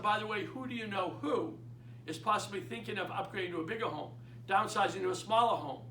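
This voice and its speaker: A middle-aged man with a Boston accent, coaching real estate agents in an energetic, emphatic way and acting out phone calls. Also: high-pitched, distant mic, slight background noise. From Boston area. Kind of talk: instructional talk. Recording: echoey room, speaker away from the mic.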